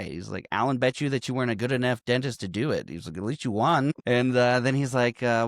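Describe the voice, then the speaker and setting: A man co-hosting a podcast, casually recapping a movie in animated fashion, swearing and acting out the characters' lines. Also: medium pitch, fast, hardly any pauses, no echo, clean studio sound. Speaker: podcast co-host.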